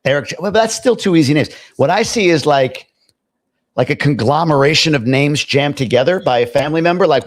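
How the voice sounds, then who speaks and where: A man's voice: on the high side, animated, a little fast, no room sound, studio quality. A middle-aged man hosting a casual live stream, chatting loosely, reading out viewer comments and tossing in jokey asides. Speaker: livestream host.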